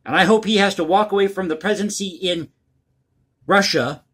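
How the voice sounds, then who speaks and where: Husky-voiced man ranting about the news. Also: high-pitched, brisk, fairly bright tone. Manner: blunt, crass, ranting. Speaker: political commentary host. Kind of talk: opinionated news commentary.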